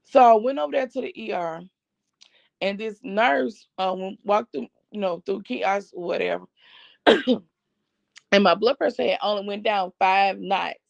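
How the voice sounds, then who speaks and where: A woman's voice: mid-range voice, a little slow, gravelly, pauses often, dry recording. A middle-aged woman hosting a family channel, chatting to viewers and retelling what people said to her in a long story. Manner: chatty, retells others' words with "I said, he said". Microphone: streaming setup. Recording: dull lo-fi dry stream audio.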